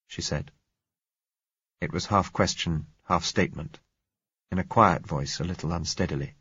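A man narrating a novel in the first person, measured and reflective. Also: low voice, fairly bright tone, slightly rough, no echo, lo-fi sound. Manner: measured, reflective, rising in heated dialogue. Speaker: audiobook narrator.

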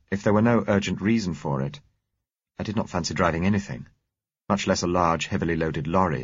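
A man narrating an audiobook in a measured, even storytelling manner. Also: deep voice, slightly rough, dry recording. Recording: dull, muffled recording.

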